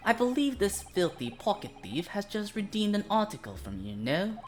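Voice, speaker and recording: A woman voicing a haughty upper-class English gentleman with a put-on posh accent, clipped and condescending. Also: medium pitch, sing-song, normal speed, soft background music, close to an everyday voice.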